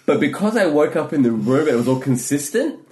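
A male comedian telling a long story in casual talk, rambling with many fillers and swinging from hushed to loud. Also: a little high, sing-song, fast. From Australia.

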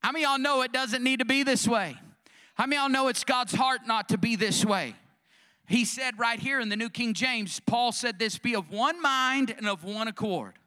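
High, bright-voiced preacher man. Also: normal speed. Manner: preaching with call-and-response questions to the congregation. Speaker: pastor. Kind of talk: sermon.

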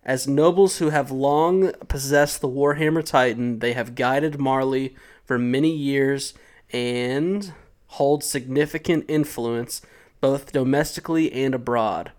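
A man's voice: medium pitch, unhurried, darkish tone. Joking man co-hosting a podcast. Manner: reads notes aloud, teasing and joking. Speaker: podcast co-host. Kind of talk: casual chat.

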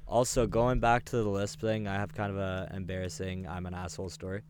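A man's voice: deep voice, flat delivery, a little fast, darkish tone, slight background noise. A young man co-hosting a podcast, telling crude jokey stories in casual chat. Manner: joking, storytelling, crude. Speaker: podcast co-host.

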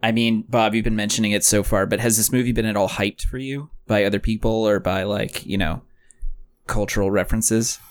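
A man's voice: lowish voice, fairly even intonation, a little fast. A man hosting a podcast, steering the chat with questions in a dry way. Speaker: podcast host. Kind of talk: casual chat.

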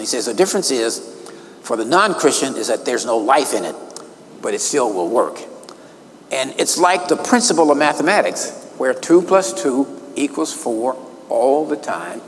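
A male minister preaches from his notes, pressing his points and drawing out the words he wants to land. His voice sits in a mid range. It rings through a reverberant hall over a faint hiss. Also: mid-range voice. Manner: emphatic, stretches key words slowly. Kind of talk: sermon teaching from notes.

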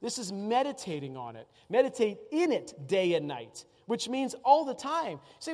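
High-voiced male pastor preaching in a hall. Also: big pitch swings, moderate pace, hardly any pauses, darkish tone. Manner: conversational, emphatic preaching with repeated phrases. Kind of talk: sermon. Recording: long hall reverb.

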